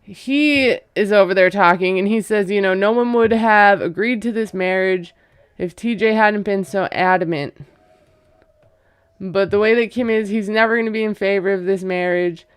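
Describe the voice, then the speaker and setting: Smooth-voiced woman recapping reality TV. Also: mid-range voice, moderate pace, no room sound. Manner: gossipy, retells scenes with quoted voices and laughs. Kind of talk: casual chatty recap.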